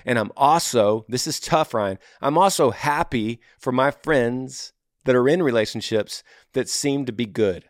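A man's voice: medium pitch, moderate pace, dry recording, studio quality. A man hosting an advice show, reading listener emails and talking them through earnestly, often acting out what listeners say. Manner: earnest, acts out listeners' worries in voices.

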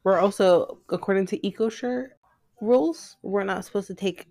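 A woman co-hosting a casual podcast chat, chiming in with quick agreeing remarks. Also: mid-range voice, darkish tone. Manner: chimes in with quick agreeing interjections. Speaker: podcast co-host.

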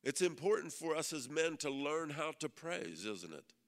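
A man, a pastor, preaching a sermon at a men's meeting. He often asks the room "Amen?" and slows down to read scripture with emphasis. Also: on the high side, sing-song. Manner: preaching with frequent "Amen?" call-outs to the audience; reads scripture aloud slowly and with emphasis.

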